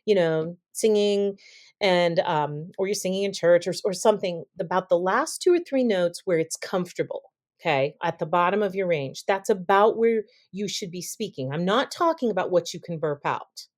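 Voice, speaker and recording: This woman's voice is lowish and darkish, at a normal speed. She appears on a podcast as a vocal health expert, demonstrating voices to teach speaking habits and frequently checking in with "okay?"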